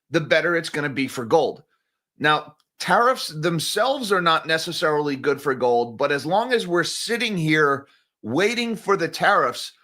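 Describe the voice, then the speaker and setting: A man talks through market news in a loose solo commentary, his fairly high, bright voice full of sarcasm. He rambles and breaks into animated asides. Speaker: finance commentator.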